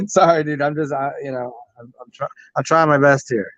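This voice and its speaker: A man's voice: fairly high pitch, moderate pace, no echo. An American man casually chatting on a livestream, profane and joking, rambling with lots of restarts. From United States. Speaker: livestream host reading chat. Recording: dry, dull lo-fi stream audio.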